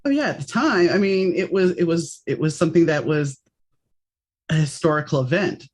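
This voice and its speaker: A middle-aged woman from New Orleans with a faint, mixed American accent, hosting a casual podcast interview in a chatty, animated way. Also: sits low, normal speed. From New Orleans, United States. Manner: chatty, animated, jumps between stories. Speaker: podcast host.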